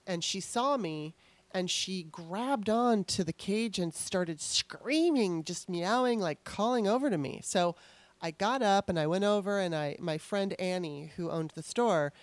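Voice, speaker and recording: A woman hosting her own podcast, telling a rambling personal story and then pitching listener support in a casual, chatty way. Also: unhurried, no room sound. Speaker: podcast host. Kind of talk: casual solo podcast talk.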